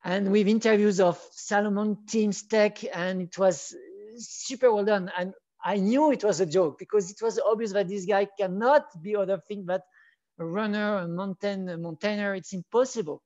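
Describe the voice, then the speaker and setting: A man's voice: sits high, steady tone, normal speed, a little mellow, no echo. A man, chatting in an interview and telling stories with many restarts. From France. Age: 40s. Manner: rambling storyteller with frequent restarts, enthusiastic. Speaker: wedding photographer, guest. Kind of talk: casual interview chat. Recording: dull lo-fi audio.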